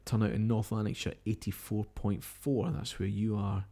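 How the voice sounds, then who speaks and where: A man's voice: fairly low pitch, fairly even intonation, normal speed, creaky, mellow. A Scottish man hosting live overnight results coverage, chatting casually and reading out updates and messages. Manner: chatty, musing, reads out tweets and updates. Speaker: radio-style live broadcast host.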